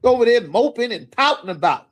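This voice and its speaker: A man playing a stern father who scolds his son with quick questions. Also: extremely high pitch, very animated, full character voice. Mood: scolding. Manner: scolding, rapid-fire questions.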